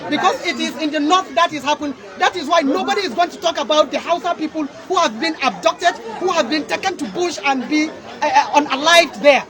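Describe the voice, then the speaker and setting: Nigerian man pleading over a loud crowd. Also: very high-pitched, a little fast, hardly any pauses. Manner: urgent, pleading. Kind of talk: outdoor appeal to camera.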